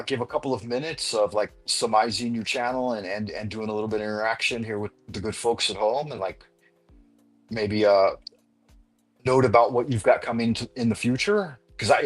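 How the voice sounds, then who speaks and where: A man with a low voice hosts a casual live stream chat. He rambles playfully and often restarts his sentences, with faint music playing underneath. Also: a little fast. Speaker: live stream panel host.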